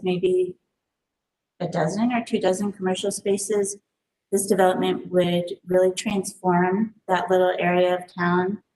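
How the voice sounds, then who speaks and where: A woman who lives nearby, giving public comment at a planning meeting in a measured, hesitant way. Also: fairly low pitch, a little mellow. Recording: distant mic with faint noise.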